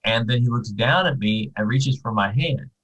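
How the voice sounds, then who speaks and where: A man chatting casually as a convention guest, telling animated anecdotes with frequent restarts. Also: mid-range voice, moderate pace, dull audio. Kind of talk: casual storytelling chat.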